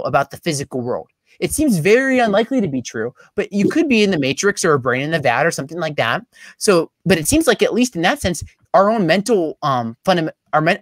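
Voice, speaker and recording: A young man giving a debate closing statement over a video call, talking rapidly with many fillers and restarts. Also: a little high, no echo. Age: young adult.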